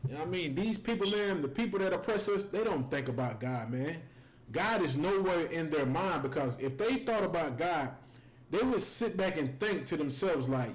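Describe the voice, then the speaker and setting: A man from the United States leads a scripture breakdown on a livestream, speaking in a fairly high voice. His delivery is heated and conversational, with "man" dropped into nearly every sentence. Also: lively intonation, normal speed, rough recording. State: angry. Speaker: scripture teacher.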